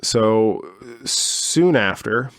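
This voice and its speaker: Male podcast co-host, low-pitched, wry and rambling storyteller, dry close recording. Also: expressive, very slow, no room sound. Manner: rambling and wry, with many fillers and asides. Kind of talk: casual storytelling chat.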